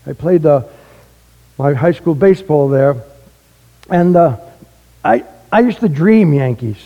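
A man, a retired pastor telling a personal testimony, animated and acting out the dialogue in his story. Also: a little high, measured pace, lo-fi sound. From the Bronx, New York. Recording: echoey hall.

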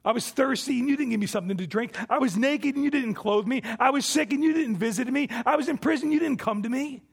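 A man preaching a sermon from the pulpit, emphatic, his voice swelling for quoted scripture and dropping low and soft on key points. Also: quick pace, creaky, husky. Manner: emphatic preaching, rising and falling in volume. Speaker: pastor.

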